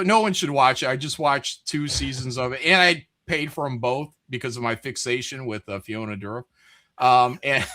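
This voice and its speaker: Male co-host, bright voice, rambling self-deprecating humor, casual stream chat. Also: fairly high pitch. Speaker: podcast co-host. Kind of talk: casual livestream banter.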